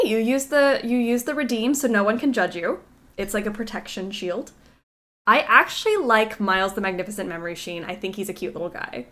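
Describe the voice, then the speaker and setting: A woman streamer raised in Kentucky and Texas chats with her viewers while she plays, excitable and quick to giggle. Her voice sits in an ordinary middle register, casual and animated with enthusiasm. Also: medium pitch. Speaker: game streamer. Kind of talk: casual chat while playing a game.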